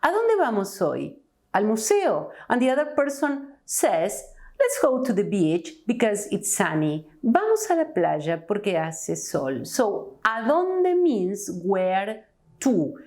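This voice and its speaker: A woman, a native Spanish speaker from Argentina with an Argentine Spanish accent, teaching a language lesson, saying each word clearly and then translating it. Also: mid-range voice, sing-song, slow pace, mellow. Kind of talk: slow language lesson with examples.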